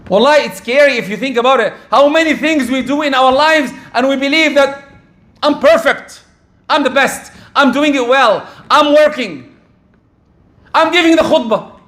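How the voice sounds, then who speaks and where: A man's voice: extremely high pitch, a bit bright. A middle-aged man giving a sermon, asking rhetorical questions and dropping Arabic religious terms into his talk. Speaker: preacher.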